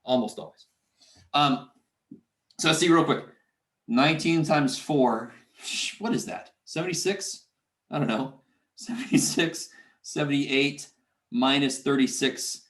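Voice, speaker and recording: A man's voice: a little high, animated, slow, pauses often, fairly bright tone, roomy sound. A man teaching a math lecture, talking himself through the arithmetic and muttering curses under his breath. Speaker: math instructor. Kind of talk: recorded classroom lecture.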